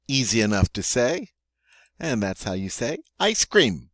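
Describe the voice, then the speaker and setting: A man teaching French vocabulary, playful and joking, saying each word slowly and twice before giving its meaning. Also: medium pitch, very animated, a bit bright, dry recording, clean studio sound. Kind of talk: vocabulary lesson.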